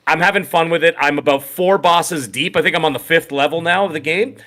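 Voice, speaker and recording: A man from Canada co-hosts a podcast in casual chat. His voice sits a little high and sounds bright and forceful. He rambles cheerfully and cracks jokes as he talks. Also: a little fast. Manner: upbeat, jokey, rambling enthusiasm. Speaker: podcast co-host.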